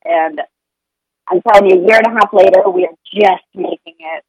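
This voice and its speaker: A woman talks through parenting advice in a loose, conversational way, circling back on her words. Her voice is slightly husky and sits in a middle range. The sound is dry and close, with no room echo. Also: mid-range voice, moderate pace, muffled recording. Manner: earnest, rambling, acts out sing-song parent scripts. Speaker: parent sharing potty-training experience. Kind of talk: casual podcast conversation.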